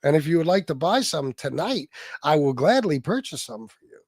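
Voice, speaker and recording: A man's voice: fairly high pitch, big pitch swings, normal speed, darkish tone, slightly rough, no echo, studio quality. A man in his forties hosting a casual livestream, rambling and joking with plenty of profanity, stammering when flustered. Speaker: livestream host. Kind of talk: casual live-stream chat.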